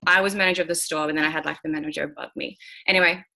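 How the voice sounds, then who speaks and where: A woman's voice: low voice, steady tone, rapid-fire, gravelly, bright, forceful tone. A woman speaking as a guest on a call. She talks frankly and bluntly, swears now and then, and uses many fillers. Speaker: guest speaker mentoring traders. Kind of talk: candid motivational talk on a call.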